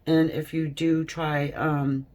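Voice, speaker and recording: A woman giving a casual tarot reading, reading card texts aloud slowly with chatty asides to her viewers. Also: deep voice, level tone, a little mellow. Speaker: tarot reader.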